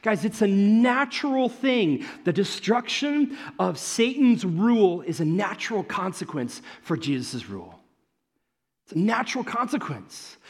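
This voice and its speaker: A man preaching a casual, conversational sermon, addressing listeners as "guys". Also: high-pitched. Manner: animated, conversational preaching with asides. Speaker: pastor.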